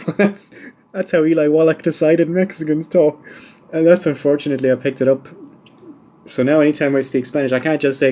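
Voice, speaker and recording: A man's voice: fairly high pitch, moderate pace, darkish tone. A man hosting a solo podcast, answering listener questions one by one with dry, wry humour and rambling asides. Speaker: podcast host.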